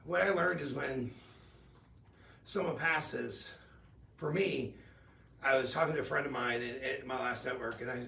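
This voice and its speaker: A man's voice: mid-range voice, unhurried, gravelly, pauses often, pushed and bright, reverberant, distant mic. A middle-aged man hosting a live jewelry sales stream, chatty and upbeat, weaving in personal stories. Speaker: shopping channel host.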